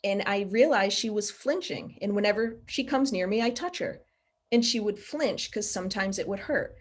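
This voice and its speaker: Woman, animal behaviour expert on a video call, earnest and practical, mid pitch. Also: moderate pace. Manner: earnest, practical, explains with everyday examples. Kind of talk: casual video call interview.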